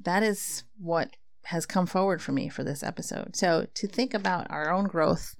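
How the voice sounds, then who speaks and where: Low, gravelly-voiced woman podcast host. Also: normal speed. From Filipino heritage. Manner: earnest and reflective, with frequent fillers. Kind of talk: reflective casual talk and poetry reading.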